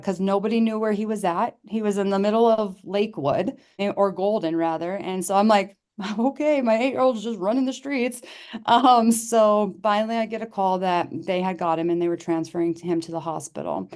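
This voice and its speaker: A middle-aged woman speaks as a podcast guest, sharing a personal story in an earnest, heartfelt way. Her pitch sits in the middle for a woman's voice. She often breaks off and restarts her sentences, and acts out the dialogue of the people in her story. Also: steady tone, normal speed, few pauses, darkish tone, clear, resonant tone. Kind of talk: personal storytelling in casual conversation.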